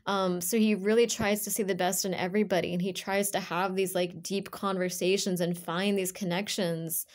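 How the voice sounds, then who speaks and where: A woman's voice: mid-range voice, little pitch movement, moderate pace, few pauses. A woman giving an intuitive tarot reading to camera, rambling and emotional, with frequent fillers and restarts. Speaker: tarot reader.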